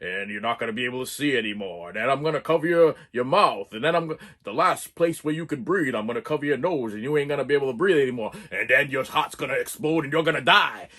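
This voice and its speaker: A man putting on the disguised voice of a masked male killer, slow and menacing as he spells out threats. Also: mid-range voice, lively intonation, pushed and bright, voice pushed down.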